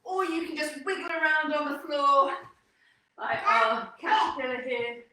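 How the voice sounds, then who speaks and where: A young woman leading a children's workout, telling a story with upbeat, animated encouragement. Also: sits high, unhurried. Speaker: kids' fitness instructor. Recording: echoey room, distant mic.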